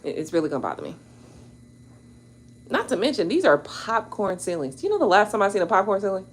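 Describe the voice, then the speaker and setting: A woman, hosting a casual chat to her viewers, animated, exclaiming and laughing as she talks. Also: mid-range voice, fast talker, slight background noise. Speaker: tarot channel host.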